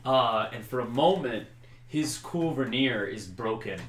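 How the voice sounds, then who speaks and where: A man runs a tabletop game with casual narration that is full of fillers. His voice is bright and sits in the middle of the pitch range. The room is roomy, with a faint hiss behind him. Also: lively intonation, a little slow. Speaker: game master. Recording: roomy echo.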